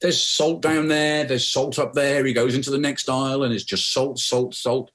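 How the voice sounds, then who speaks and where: A middle-aged man from Birmingham, a guest author speaking in an animated, conversational interview. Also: medium pitch, normal speed. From Birmingham, England. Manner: animated storyteller, repeats words.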